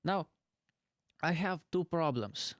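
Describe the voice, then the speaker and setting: A YouTuber speaking in halting, non-native English in a casual explainer vlog, recorded in a small bedroom on a close dynamic mic. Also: male voice, on the high side, expressive, no echo. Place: small bedroom with pillows piled around. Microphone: close dynamic studio mic.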